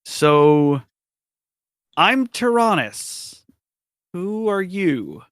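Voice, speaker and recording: A man's voice: high-pitched, sing-song, extremely slow, a bit bright, clear, resonant tone, no echo, studio quality, pitched above the performer's own voice, full character voice. A man playing a confused, stammering hero lost in time. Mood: unsure. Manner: stammering, unsure.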